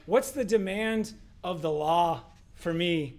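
A man co-hosting a casual faith discussion, telling a story in an animated way with rhetorical questions. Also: high-pitched, slow pace. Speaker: co-host.

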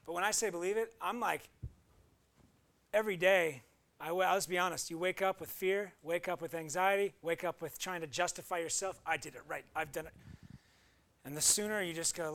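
A man's voice: high voice, fairly quick, fairly bright tone. A man preaching a sermon in an earnest, conversational way, with sudden emphatic bursts. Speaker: pastor.

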